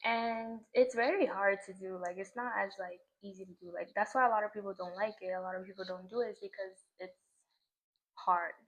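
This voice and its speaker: Talking briskly in a medium-pitched, steady voice, a young woman addresses a camera in front of her outdoors at a scenic view at sunset. Her casual spiritual vlog monologue is reflective and emotional, with plenty of "like." The recording is rough.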